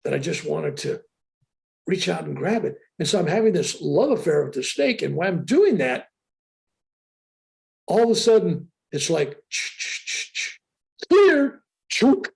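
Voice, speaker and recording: Older guy w a gravelly voice, kinda high, telling a wild story all excited on a video call. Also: moderate pace, pauses often. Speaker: interview guest. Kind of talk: storytelling in a casual interview. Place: room with a sheetrock wall.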